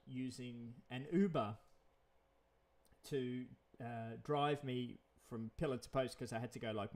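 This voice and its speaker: Aussie guy rambling on in a vlog, repeats himself a lot, chuckles here and there, medium pitch. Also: a little mellow. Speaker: vlogger. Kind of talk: casual rambling monologue.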